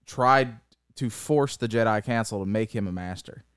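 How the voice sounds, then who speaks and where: A man in a casual podcast conversation, hesitant and full of fillers as he works toward his questions. His voice is smooth and resonant and pitched low. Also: normal speed, a bit bright, no room sound, clean studio sound. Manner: hesitant, many fillers and restarts. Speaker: podcast co-host. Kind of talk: casual chat.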